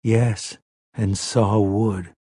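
A man's voice: lowish voice, little pitch movement, very slow, mellow, husky, no room sound, heavily acted. A man voicing a hypnotized grown man who talks like a frightened seven-year-old, raised and small. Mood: frightened child. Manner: dazed, then small, trembling and childlike. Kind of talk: audiobook character voice.

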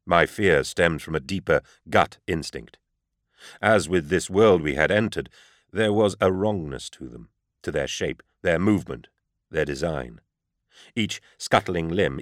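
A man reading a first-person story aloud in a grave, measured storytelling manner. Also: low voice, no room sound, studio quality. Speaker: audiobook narrator. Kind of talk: first-person scripted narration.

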